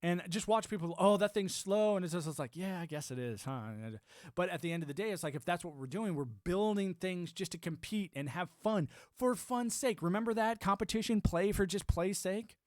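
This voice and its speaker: A man's voice: sits high, brisk, few pauses, no echo, studio quality. A man hosting a live stream, giving a rambling, sarcastic political rant and mocking other people's views. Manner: sarcastic, ranting, mocks others in put-on quotes. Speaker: livestream host.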